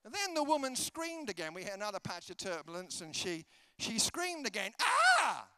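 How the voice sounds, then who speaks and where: Lively, bright-voiced British preacher. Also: male voice, sits high, a little fast, clear, resonant tone, no room sound. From Britain. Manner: comic, acts out dialogue with exaggerated voices. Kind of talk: humorous sermon storytelling. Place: conference hall.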